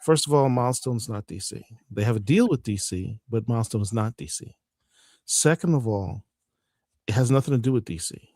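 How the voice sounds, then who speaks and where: Male co-host, mid pitch, earnest and measured, dry close mic. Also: lively intonation, a little mellow, no echo. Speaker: podcast co-host. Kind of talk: casual chat.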